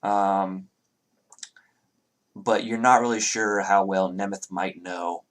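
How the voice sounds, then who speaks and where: A man's voice: low voice, fairly even intonation, slow pace. A man narrating a tabletop game as game master, hesitant and full of fillers.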